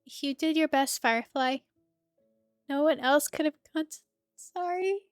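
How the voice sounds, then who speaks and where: A woman voicing a gentle, evasive young man who is a love interest in a story game, with soft, hesitant speech. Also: high-pitched, unhurried, no room sound, clean studio sound, faint music behind, pitched above the performer's own voice. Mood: reassuring.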